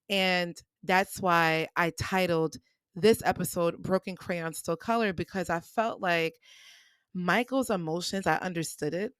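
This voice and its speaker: A woman's voice: medium pitch, fairly bright tone, no room sound. A woman hosting a personal podcast, telling a story in a candid, casual way, often repeating herself as she talks through her grief. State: grieving. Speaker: podcast host.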